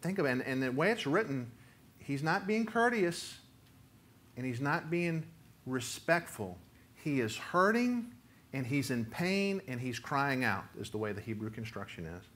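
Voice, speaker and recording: A man preaching a sermon, reading scripture and breaking into emphatic, near-shouted lines as he voices the prophet's complaint. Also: mid-range voice, big pitch swings, measured pace. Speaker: pastor.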